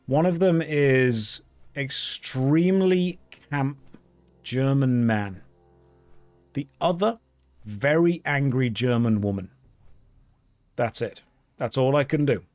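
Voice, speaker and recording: A man live-streaming an online game, chatting casually with his viewers and joking in a deadpan way while reading their messages aloud. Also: mid-range voice, slow pace, pauses often, dry recording.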